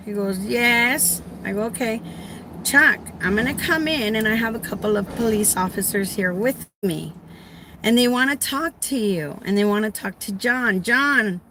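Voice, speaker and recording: A woman's voice: mid-range voice, normal speed, slight background noise. A middle-aged woman caregiver tells a story to her viewers in a casual way, acting out the dialogue and raising her voice when she quotes herself. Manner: animated, acts out dialogue, raises voice when quoting herself.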